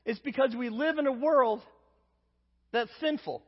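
Speaking at a measured pace in an extremely high, breathy voice, an Indiana preacher tells a humorous story about himself in his sermon. He acts out the voices and mocks himself, all on a dull lo-fi recording from a reverberant hall.

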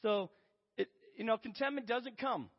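A man's voice: extremely high pitch, normal speed, husky. A man preaching a sermon, telling a story with self-deprecating humor. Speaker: pastor. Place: church sanctuary. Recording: lo-fi with long hall reverb.

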